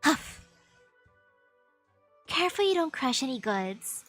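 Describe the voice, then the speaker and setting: A woman streaming a video game, reading its dialogue aloud in a playful, animated way and adding her own commentary. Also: fairly high pitch, measured pace, faint music behind. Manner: playful, animated, switches voices for characters.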